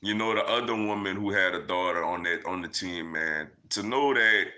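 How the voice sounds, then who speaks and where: A man's voice: low-pitched, normal speed, bright, forceful tone. A young man hosting a casual live Q&A, reading viewer comments and chatting loosely, with lots of "man" and "yo". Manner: loose and conversational, many fillers like "man" and "yo". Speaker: livestream host answering chat.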